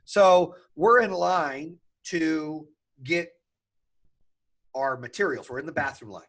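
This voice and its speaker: A man hosting a podcast, telling a story in a casual, animated way, swearing freely and laughing as he talks. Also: fairly high pitch, slow pace. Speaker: podcast host.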